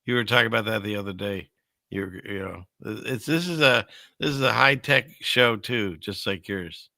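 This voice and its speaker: A man's voice: fairly low pitch, normal speed, vocal fry, sharp tone, dry recording, clean studio sound. A man hosting a show, rambling skeptically through casual commentary while he browses, with many restarts. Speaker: show host.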